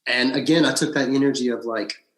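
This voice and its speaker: A man's voice: medium pitch, brisk. Male actor as guest, mid-range voice, blunt and profane raconteur, recorded in a roomy, echoey space. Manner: blunt, swears freely, animated retelling. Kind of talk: casual storytelling interview. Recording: roomy echo.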